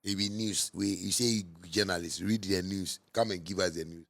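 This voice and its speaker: A man with a Ghanaian Pidgin English accent delivering a heated, scolding monologue that repeats and mocks, bursting into sudden loud outbursts. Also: low-pitched, steady tone, normal speed, vocal fry. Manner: repetitive and mocking. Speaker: musician. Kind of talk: ranting monologue.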